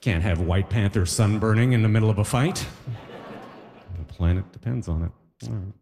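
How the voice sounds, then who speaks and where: A man doing a conversational stand-up comedy set on stage, animated and chatty, acting out little voices. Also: lowish voice, normal speed, vocal fry.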